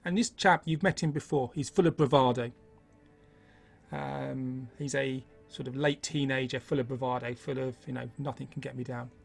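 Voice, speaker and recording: A man narrating a tabletop game as game master, in a slow, hushed storytelling manner. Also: mid-range voice, steady tone, creaky, soft background music.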